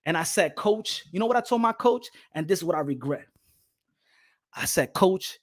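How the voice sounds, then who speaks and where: Guy telling a story, swings up loud then drops low, keeps repeating himself. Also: expressive, moderate pace. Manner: emphatic, repeats phrases, acts out quotes loudly. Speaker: boxing podcast host. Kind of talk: animated storytelling.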